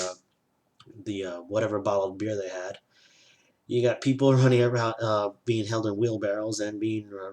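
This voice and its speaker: A man's voice: on the low side, a little mellow. A man giving a casual, sarcastic spoken review of a trip, griping and swearing, with frequent sighs.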